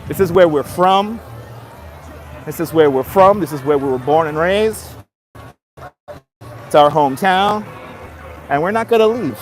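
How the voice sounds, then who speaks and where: Brooklyn guy in his 50s live streaming outside, kinda high voice, blunt and chatty, bit of music behind. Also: measured pace, long pauses. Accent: Brooklyn New York. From Brooklyn, New York. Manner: blunt, chatty, answers viewer comments. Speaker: livestreamer. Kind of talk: casual live-stream chat. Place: outdoors in a busy seaside city area.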